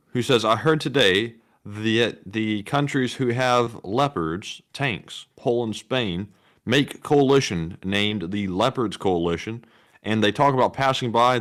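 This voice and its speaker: Male co-host, lower voice, plain reading of viewer questions, casual livestream. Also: expressive, a little slow, a bit bright. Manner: plain reading pace, hesitant fillers.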